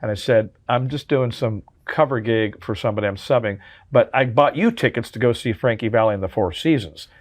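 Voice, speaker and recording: Man in his sixties, earnest, heartfelt storytelling, mid-pitched voice. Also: fairly quick. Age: 60s. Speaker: drummer and memoir author, guest. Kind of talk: interview conversation.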